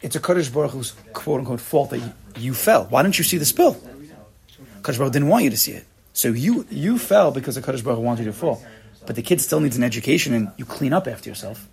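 Animated man teaching a Torah class. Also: mid-range voice, fast, gravelly. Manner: animated, acts out little dialogues, frequent repeats.

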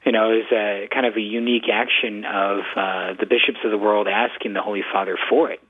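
A man's voice: lowish voice, steady tone, brisk, husky. A man who is a priest, explaining Catholic teaching in a casual, chatty way, often saying "like". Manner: conversational, uses "like" often. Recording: tinny phone-like radio sound.

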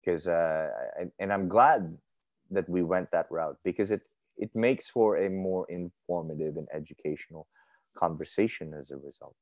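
A man co-hosting a casual conversation, talking in an animated, playful and emphatic way. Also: sits low, normal speed, no echo. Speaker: podcast co-host.

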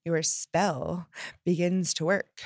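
A woman giving an upbeat motivational self-help talk, emphatic and lively, acting out the phrases she quotes. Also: lowish voice, slow pace, no echo, studio quality. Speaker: self-help podcast host.

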